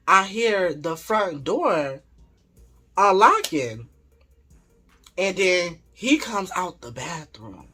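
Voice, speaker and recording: A man telling a story in an animated, slangy, laughing way. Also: on the high side. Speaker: vlogger. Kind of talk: casual storytelling.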